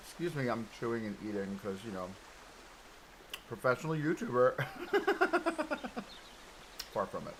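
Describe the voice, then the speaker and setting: A man's voice: mid-range voice, big pitch swings, takes it slowly, pauses often, a bit bright, a little hiss or hum, poor audio. Easygoing man streaming a game. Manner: chatty, easygoing, self-deprecating, laughs often. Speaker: live-streamer host. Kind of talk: casual live-stream chat while playing. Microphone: desk microphone close in front.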